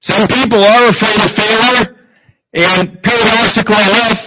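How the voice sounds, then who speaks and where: A man's voice: high voice, steady tone, normal speed, background noise. A man preaching a conversational sermon, reading scripture between plain explanations. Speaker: pastor.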